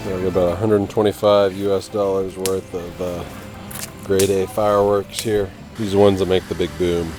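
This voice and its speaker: A man's voice: deep voice, flat delivery, normal speed, a little mellow, soft background music. A man asking friends teasing questions in casual, joking chat outdoors. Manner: teasing, laughing. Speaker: interviewer.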